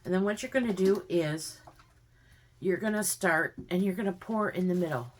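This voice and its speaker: A woman's voice: fairly low pitch, normal speed, slight background noise. A woman at home in her kitchen, giving a chatty, homey step-by-step cooking demonstration with plenty of fillers. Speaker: home cook vlogger.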